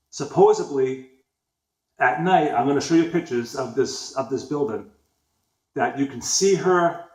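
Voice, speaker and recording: A man in his forties with a Boston accent recounts a story in a loose, rambling way. He swears freely and stops often to restart a thought. His medium-pitched voice echoes in a bare room. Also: a little mellow. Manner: rambling, profane, frequent fillers and restarts. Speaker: vlogger. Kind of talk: casual spoken storytelling.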